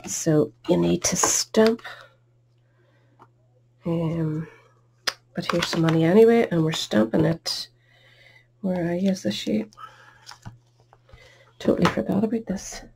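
Middle-aged woman, low gravelly voice, chatty self-deprecating crafting host at her table. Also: background noise. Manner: chatty, self-deprecating, talks while working. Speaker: card-making tutorial host. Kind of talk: casual crafting tutorial.

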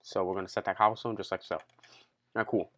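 Low-voiced man casually narrating a game tutorial. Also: fairly even intonation, fast talker, a bit bright. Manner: chatty, keeps addressing viewers as guys, counts blocks aloud; loose and unscripted, changes plans mid-sentence. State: out of breath after a workout. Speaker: Minecraft tutorial host.

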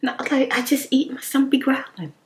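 A woman's voice: high-pitched, a little fast. Chatty woman rambling to viewers. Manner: chatty and expressive, laughs often, drops at times into a whisper; informal, animated storytelling. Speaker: ASMR vlogger. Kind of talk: casual rambling chat reading viewer comments.

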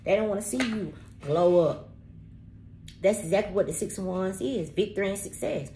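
A woman's voice: medium pitch, moderate pace, dark tone. Woman tarot reader, blunt and cussing, straight to camera; echoey room, slight noise. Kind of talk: spirited tarot reading monologue. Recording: roomy echo with faint background noise.

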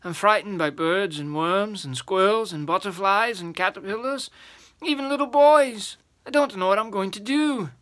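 A man's voice: high voice, normal speed, a bit bright, voice pushed up. An older man voicing a huge, timid male giant who is easily scared, in a fretful, strained voice for a children's storybook. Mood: frightened.

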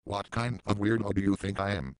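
A man giving mocking commentary, deadpan, sarcastic and profane. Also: lowish voice, brisk, clean tone, no room sound. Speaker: commentary channel host.

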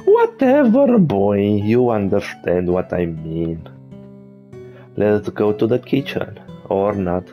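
A man's voice: fairly low pitch, slow pace, highs cut off, faint music behind. A man playing a video game as host, making wry joking asides in casual commentary. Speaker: let's play host.

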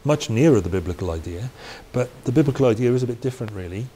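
This fast-talking Welsh preacher has a medium-pitched, dark voice with lively intonation. He teaches the Bible in a casual, conversational manner with asides and restarts, and a faint hiss can be heard.

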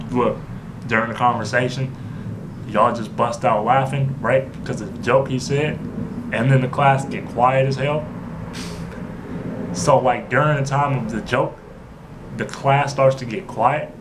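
A man spins a casual storytime for his channel, circling back with "you know what I'm saying" and tripping over his words as he goes. His voice sits at a middling pitch, and a clear wash of background noise hangs behind him. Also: steady tone, a little slow, pauses often. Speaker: vlogger.

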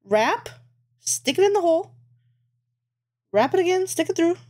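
A woman's voice: extremely high pitch, very animated, normal speed, darkish tone. A woman live-streaming as she crochets, thinking aloud, swearing a lot and mocking herself. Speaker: livestreamer. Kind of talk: casual live-stream chat while crocheting.

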